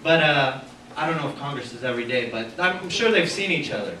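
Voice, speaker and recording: A man's voice: medium pitch, animated, fairly quick, pushed and bright. A young man doing a stand-up set at an open mic, rambling and self-deprecating, with lots of "anyways" and fillers. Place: small art gallery, indoors. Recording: echoey gallery room, far camera, audible room noise.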